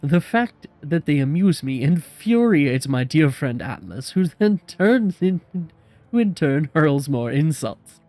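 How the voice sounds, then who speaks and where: Huge jovial merchant, booming and teasing, raised loud voice, as a man puts him on. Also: very animated, a little slow, no room sound. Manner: hearty, teasing, grandly polite. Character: enormous jolly male merchant, booming and mirthful.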